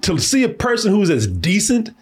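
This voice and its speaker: A man co-hosting a casual chat, animated, laughing often and swearing freely. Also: high-pitched, moderate pace. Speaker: podcast co-host.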